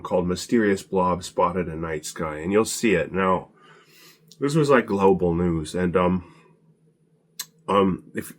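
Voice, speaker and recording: Deep-voiced man, short of breath. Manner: hesitant, many fillers and restarts. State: slightly out of breath from illness. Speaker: presenter. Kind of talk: casual spoken presentation.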